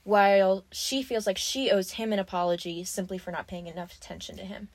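A young woman co-hosting a podcast in casual chat, talking in an animated way with lots of "like" and acted-out quotes. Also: medium pitch, a little fast, no echo. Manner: animated, fillers like "like", acts out quotes. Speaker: podcast co-host.

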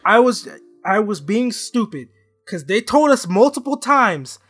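A young man with a high, bright voice, talking in an animated, excitable way. He is chatting casually with friends, with faint music in the background. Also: unhurried. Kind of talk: casual chat.

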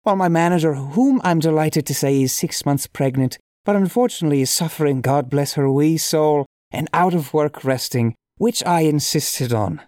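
A man's voice: fairly high pitch, moderate pace, few pauses, darkish tone, no room sound, clean studio sound, natural voice. A man voicing a prickly male Irish restaurant owner in a comic reading, putting on an Irish accent and sounding sarcastic and mock-polite.

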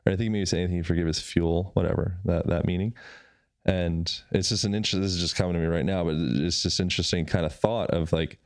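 A man's voice: deep voice, steady tone, fast, a little mellow, no echo, clean studio sound. A man hosting a podcast, thinking aloud in a reflective, musing way. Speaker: podcast host. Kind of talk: casual interview conversation.

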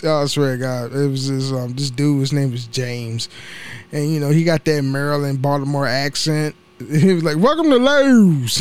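Young guy with a high voice just rambling on his podcast, cussing and cracking himself up. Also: a little mellow, clear, resonant tone, dry recording. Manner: rambling, profane, laughs at himself. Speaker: podcast host. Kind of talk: casual solo podcast chat.

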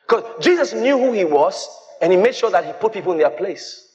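A man preaching a sermon as pastor, quoting scripture and breaking into shouts. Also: high voice, animated, very fast.

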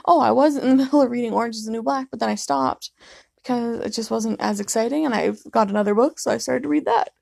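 A woman's voice: a little high, quick pace, vocal fry, darkish tone, dry recording, studio quality. A young woman hosting a casual solo podcast from her living room late at night, sleepy and yawning, rambling and apologetic, laughing often. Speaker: podcast host.

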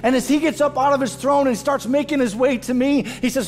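A male pastor preaching a sermon to his church, impassioned and rising loud at emotional peaks. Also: extremely high pitch, brisk, faint music behind. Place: church stage.

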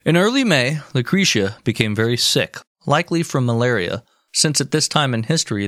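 A man's voice: medium pitch, dry recording, clean studio sound. A man co-hosting a podcast, telling a history story in casual chat, swearing freely. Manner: swearing, animated, deadpan jokes. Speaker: podcast co-host.

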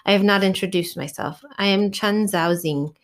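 A woman voicing a gentle young noblewoman. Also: medium pitch, moderate pace, natural voice. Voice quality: light, musical voice. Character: graceful young noblewoman, shy and distressed.

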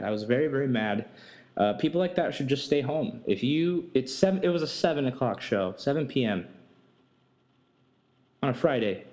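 A young man hosting a podcast, telling a casual, profane and animated story about his life and work. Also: mid-range voice. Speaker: podcast host.

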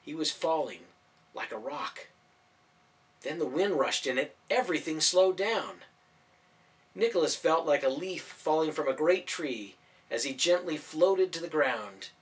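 A man narrating a storybook in expressive audiobook style. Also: a little high, a little slow. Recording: voice from a distance off mic.

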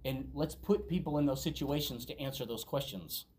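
A man's voice: medium pitch, normal speed, a little mellow. A man preaching a sermon as a pastor, talking conversationally and telling stories, building to emphatic peaks.

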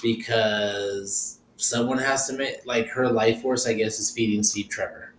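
A man's voice: fairly low pitch, fairly even intonation, measured pace. A man co-hosting a casual podcast chat, rambling loosely and swearing freely as he recaps the story. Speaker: podcast co-host. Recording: roomy echo with faint noise.

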